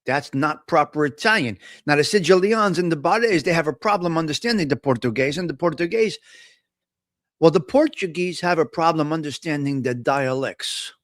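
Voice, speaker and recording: A middle-aged man, hosting a casual live coffee talk show and chatting in an animated, storytelling way. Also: a little high, normal speed, no echo, clean studio sound. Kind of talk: casual live-stream chat.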